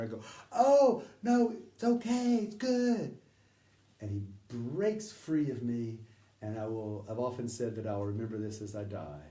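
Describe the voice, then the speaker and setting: A man, an interview guest, telling a personal story in a vivid, animated way. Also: medium pitch, echoey room, far from the mic.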